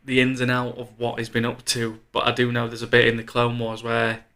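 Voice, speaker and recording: A man who is a guest on a casual film chat podcast, speaking in a measured, matter-of-fact way. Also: mid-range voice, completely flat delivery, creaky, a bit bright.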